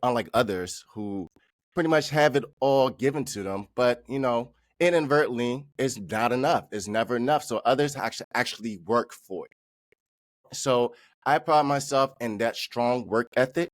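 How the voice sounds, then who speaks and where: A man's voice: mid-range voice, moderate pace. A reflective man hosting a podcast, talking loosely with plenty of "you know" and "like". His mid-range voice sounds dry and close, with no room echo. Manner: reflective, loose, lots of fillers. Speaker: podcast host. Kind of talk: casual interview talk.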